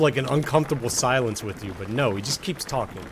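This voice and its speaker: A man's voice: medium pitch, lively intonation, a little fast, hardly any pauses, noisy background. A man casually commenting while playing a video game, joking with the characters and answering chat. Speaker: game streamer. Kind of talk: casual let's-play commentary.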